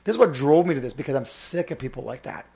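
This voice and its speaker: Guy hosting a political podcast, rapid-fire and fired up, mid-pitch voice. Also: expressive, vocal fry, over a noisy crowd. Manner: emphatic, impassioned, campaign-speech tone. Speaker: podcast host. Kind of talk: heated political discussion.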